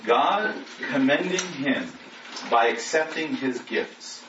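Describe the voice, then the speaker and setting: Preaching in a conversational style, a male pastor poses rhetorical questions to his congregation, his mid-range voice expressive and slow. It's captured lo-fi from a distant mic, with noise and a roomy echo.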